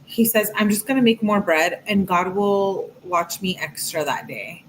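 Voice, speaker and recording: A woman's voice: mid-range voice, a little slow, a little hiss or hum, rough recording. A woman reading text messages aloud and giving chatty, reflective commentary on a true crime case, with lots of "like" and "um". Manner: chatty, reflective, many fillers like "like" and "um".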